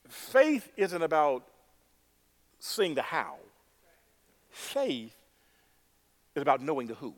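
A male pastor preaching a sermon, emphatic and repetitive, building to loud exclamations. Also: on the high side, sing-song, slow, long pauses.

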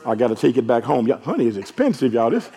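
A man, a hoarse pastor preaching a sermon and calling out to his congregation, rising to shouts. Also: medium pitch, very animated, fast talker. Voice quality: gravelly, husky. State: hoarse from allergies. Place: large church sanctuary. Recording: long echo of a large church hall.

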